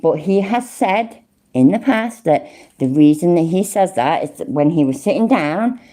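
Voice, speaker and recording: A woman's voice: lowish voice, animated, moderate pace, warm tone. A woman with an English Midlands accent, doing rambling, sarcastic, sweary livestream commentary. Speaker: streamer.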